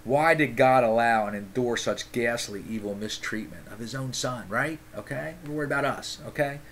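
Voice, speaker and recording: A man's voice: mid-range voice, a bit bright, slight background noise. A man reads from a devotional book in a mid-range voice, stopping often to add his own commentary. His manner is earnest and informal, with frequent "okay?" check-ins and bursts of fired-up asides. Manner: earnest, breaks into fired-up tangents and quick apologies. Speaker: devotional reader and lay preacher.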